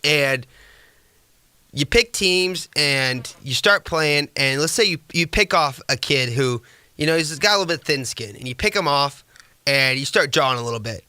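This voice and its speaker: Bright, tense-voiced man hosting a podcast. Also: a little high, lively intonation, moderate pace, clear, resonant tone, no echo. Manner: sarcastic, mocking, rambling. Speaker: podcast host. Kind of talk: casual sports commentary.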